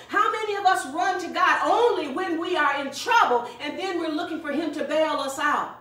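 A high-pitched woman preaching with a bright, ringing tone, pressing her points and repeating phrases to drive them home. The recording is heavily echoey, with her voice picked up from some distance in a church sanctuary. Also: normal speed, few pauses. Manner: emphatic, repeats key phrases, exhorts the congregation. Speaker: pastor. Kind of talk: sermon. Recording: very echoey room, voice far from the mic.

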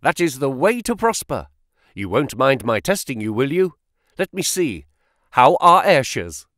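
Brisk, sharp-tongued, flattering money man with a lively, swooping delivery, as a male reader puts him on for an audiobook. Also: mid-range voice, no echo, clean studio sound. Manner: quick, sharp, flattering and excitable. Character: brisk, smooth-talking male financial agent. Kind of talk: audiobook character voice.

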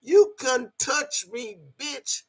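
A woman's voice: high-pitched, lively intonation, very slow, breathy edge. An older woman with a Southern Alabama accent, ranting profanely and heatedly at a viewer on a livestream. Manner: profane, heated, shouting insults. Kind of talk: livestream rant.

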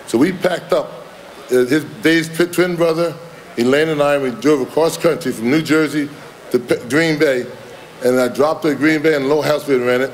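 A man's voice: a little high, moderate pace. A man in his seventies giving a Hall of Fame induction speech in a folksy, rambling manner, chuckling at his own jokes. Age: 70s. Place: large hall with audience.

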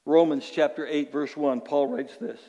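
A man's voice: fairly high pitch, steady tone, normal speed, warm tone. A male pastor preaching a sermon, emphatic, repeating words for stress and acting out inner voices. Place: church sanctuary. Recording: long hall reverb.

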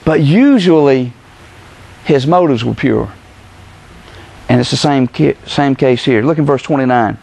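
A middle-aged man preaching a sermon as pastor, animated, acting out the voices he quotes. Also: medium pitch, a little slow, vocal fry, long pauses, slight background noise.

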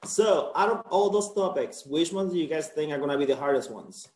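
A man's voice: on the high side, lively intonation, a little fast, a little mellow. Guy teaching chem, tired and chatty, jokes around, asks the class stuff, room echoes a lot. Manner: chatty, joking, checks in with students. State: tired, end-of-semester burnout. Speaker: chemistry instructor. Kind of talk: casual classroom lecture.

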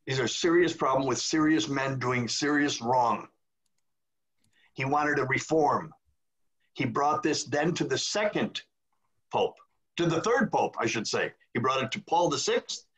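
A man's voice: medium pitch, lively intonation, a little slow, fairly bright tone. An older man, a retired priest, telling a story in a video call, acting out the voices of the people he quotes. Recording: dull lo-fi video call audio.

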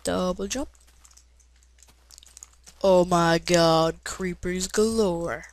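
Excitable rambling woman gamer. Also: lowish voice, unhurried, pauses often, rough recording. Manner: rambling and excitable, with many "uh" fillers and bursts of shouting. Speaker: gameplay commentator. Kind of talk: casual let's-play commentary.

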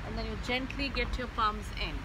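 Woman yoga teacher, high voice, gentle step-by-step cues; noisy recording with traffic. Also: steady tone. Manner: slow, gentle step-by-step instructions. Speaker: yoga instructor. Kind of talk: guided mother-and-child yoga class.

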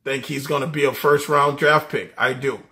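A man's voice: medium pitch, steady tone, moderate pace, sharp tone. A man talking college football casually, enthusiastic, laughing often and repeating his words. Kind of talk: casual sports talk.

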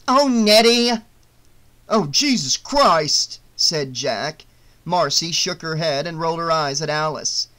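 A man narrating an audiobook with a steady, expressive reading. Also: a little high.

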